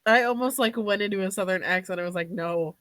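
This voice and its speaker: A woman's voice: mid-range voice, fast talker, fairly bright tone, poor audio. A woman chatting and laughing through a tabletop game session, with a self-mocking manner. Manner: giggly, self-deprecating. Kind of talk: casual chat and in-character play.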